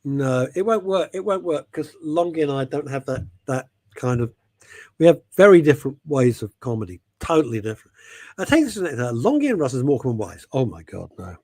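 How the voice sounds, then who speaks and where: A man's voice: mid-range voice, very animated, a little fast, a little mellow, dry recording, studio quality. A man from England hosting a radio show, chatting in a jokey, rambling, self-mocking way.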